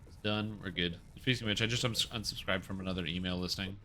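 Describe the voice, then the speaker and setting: A man's voice: sits low, steady tone, quick pace, sharp tone, slight background noise. A man streaming a game, chatting casually and rambling through joking asides. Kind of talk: casual chat while playing.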